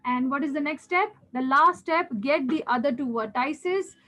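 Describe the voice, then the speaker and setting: A woman's voice: sits high, moderate pace, pushed and bright, low-quality recording. A woman with an Indian English accent, teaching a geometry lesson step by step, patiently repeating key steps and checking in with her students. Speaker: maths teacher.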